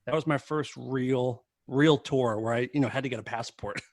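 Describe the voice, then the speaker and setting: A man guesting on a podcast, telling a story in casual chat, animated and laughing often. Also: mid-range voice, normal speed, dry recording, clean studio sound. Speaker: podcast guest, former tour crew member.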